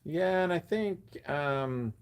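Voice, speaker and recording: A woman's voice: low-pitched, lively intonation, takes it slowly, slight background noise. A woman co-hosting a live sewing show, relaying viewer comments in an easygoing way. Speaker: co-host reading viewer comments. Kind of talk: casual live chat.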